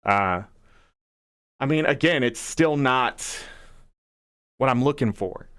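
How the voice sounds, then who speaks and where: A man's voice: medium pitch, expressive, takes it slowly, fairly bright tone, clear, resonant tone. A man hosting a gaming livestream, ranting heatedly with lots of swearing and rhetorical questions. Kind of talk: casual livestream rant.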